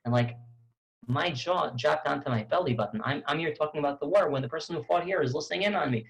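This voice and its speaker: Creaky-voiced man telling a story. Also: medium pitch, rough recording. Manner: halting, with many restarts and repeated words; conversational, animated retelling. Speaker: tour guide. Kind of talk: storytelling talk to camera.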